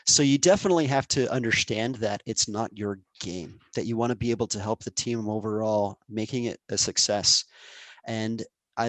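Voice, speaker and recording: A man's voice: lowish voice, dry recording. A man in his thirties, a game producer guest, telling work stories in a casual interview and acting out quoted dialogue. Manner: animated, acts out quoted dialogue.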